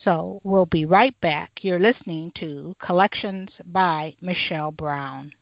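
A woman's voice: fairly low pitch, unhurried, gravelly. A woman hosting a radio interview show, talking in a conversational, chatty way. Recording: dry, dull lo-fi radio sound.

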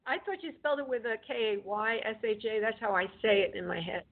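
Woman spirit medium hosting call-ins, fond terms for callers, raspy fry in the voice, heard over a thin phone line. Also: a little high, expressive, fast. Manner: affectionate, calls callers honey and darling. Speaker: spirit medium host of a call-in radio show. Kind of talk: call-in reading, relaying messages.

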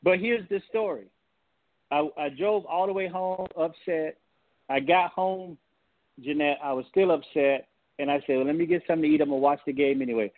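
A man, a pastor, telling a personal story on a call-in talk show in an animated, folksy way. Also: fairly high pitch, a little fast, dry recording. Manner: animated, folksy storytelling with Southern turns of phrase. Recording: tinny phone-line audio, dry.

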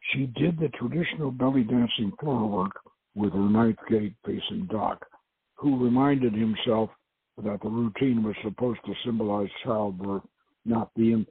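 A man's voice: on the low side, vocal fry, slightly rough, no room sound. A male radio host giving a dramatic reading of his own novel. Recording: dry phone-like radio sound.

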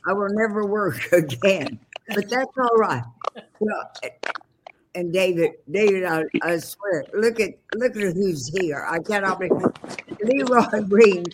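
A woman's voice: mid-range voice, animated, unhurried, noisy background. Older woman telling bawdy showbiz stories. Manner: bawdy, wisecracking, rambling with fillers. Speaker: guest, veteran stage actress. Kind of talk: casual storytelling on a video call. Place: her home. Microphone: video call.

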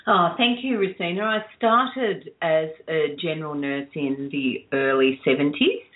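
A woman's voice: deep voice, measured pace. An older woman, a radio producer being interviewed, telling stories in a chatty way and laughing often. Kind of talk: casual interview chat. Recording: tinny phone line.

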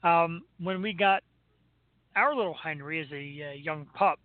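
A man's voice: a little high, a little slow, no echo. A man hosting a radio show, telling jokey stories in casual chat and laughing often. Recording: narrow phone-like radio sound.

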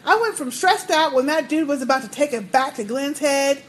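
A woman co-hosting a podcast in casual chat, reading listener mail, animated and profane, laughing often. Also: high voice, moderate pace, slight background noise.

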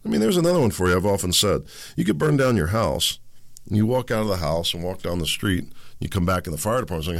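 A man's voice: low voice, sing-song, fast talker, gravelly, no room sound, studio quality. A male talk show host delivering a sarcastic, ranting political commentary monologue.

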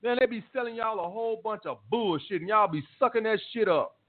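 A man's voice: high-pitched, a little fast. Profane, blunt man on a tinny line. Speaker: dating advice host. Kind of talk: live call-in show, answering listener messages.

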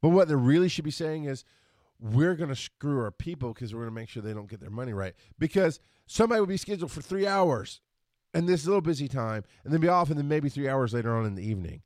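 A man hosting a solo podcast, ranting with frustration and profanity, rushing his words and then reining himself in. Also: medium pitch, animated, darkish tone, no room sound, studio quality. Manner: frustrated, profane, talks fast then slows down. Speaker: podcast host.

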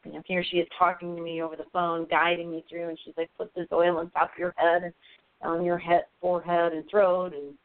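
Woman, earnest halting storyteller, tinny phone line, dry sound. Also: fairly low pitch, little pitch movement, no room sound. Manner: earnest, halting, many fillers. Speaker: guest. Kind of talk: personal storytelling on a radio show.

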